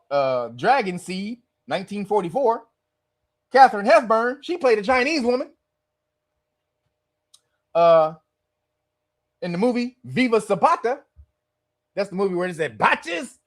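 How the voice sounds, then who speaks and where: Dude ranting on a podcast, cussing and laughing a lot, voice jumps all over. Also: male voice, high voice. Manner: animated, profane, laughs often while ranting. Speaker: podcast host. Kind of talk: casual ranting commentary.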